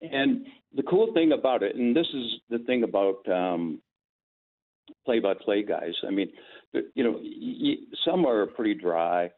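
A man's voice: fairly low pitch, a little slow. An older man, a former sportscaster and guest, telling anecdotes and acting out the quotes, over a tinny phone-like line. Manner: animated anecdotes with acted-out quotes. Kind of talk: storytelling interview.

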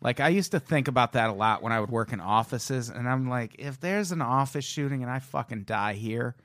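A man's voice: medium pitch, expressive, a little fast, a bit bright, no echo. A man co-hosting a comedy true-crime podcast, reading the case casually and swearing as he goes. His voice swings widely up and down as he jokes around. The sound is dry and close, with no room around it. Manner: profane, joking tangents while reading a case. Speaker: podcast co-host.

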